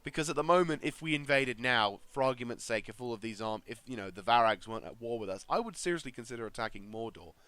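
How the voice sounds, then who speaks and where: A man's voice: mid-range voice, expressive, fast talker, few pauses, a bit bright, clean tone, dry recording. A man casually commentating a strategy game, thinking aloud with lots of fillers and restarts. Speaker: gaming video creator.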